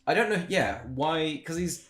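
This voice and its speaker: Laughing man with a slightly high voice. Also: animated, a bit bright. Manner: laughs often, halting, restarts sentences. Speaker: podcast co-host. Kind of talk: casual film-review chat.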